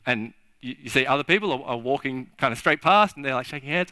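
A man preaching a sermon in a halting, repetitive way, acting out little scenes as he talks. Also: mid-range voice, sharp tone, clear, resonant tone, dry recording. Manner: halting, repeats words, acts out little scenes. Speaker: pastor. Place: church.

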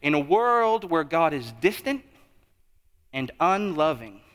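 A man in his thirties preaching a sermon in a church, telling a story with animated swings in his voice. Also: a little high, slow. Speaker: pastor. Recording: long hall reverb.

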